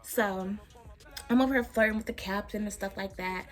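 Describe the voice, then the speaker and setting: A woman's voice: medium pitch, faint music behind. A young woman vlogger chatting casually while doing her makeup, telling a story with lots of laughter and cursing. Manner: animated, laughing, profane, drawn-out storytelling. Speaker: beauty vlogger.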